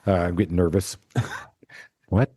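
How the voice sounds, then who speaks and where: A man's voice: sits low, fairly even intonation, a little slow, mellow, breathy edge, no room sound, studio quality. A man hosting a podcast interview, joking around playfully between questions. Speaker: podcast host.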